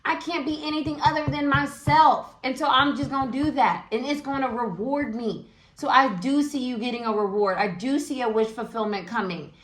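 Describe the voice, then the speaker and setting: A woman's voice: high voice, normal speed, hardly any pauses, fairly bright tone, echoey room. A woman giving a casual, encouraging tarot reading, talking aloud with many fillers. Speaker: tarot reader.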